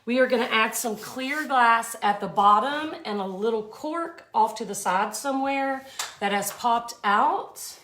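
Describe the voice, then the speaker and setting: Middle-aged woman doing a live art tutorial, slow unhurried talk, a bit high, chats with viewers. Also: a bit bright. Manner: chatty, folksy, greets viewers by name.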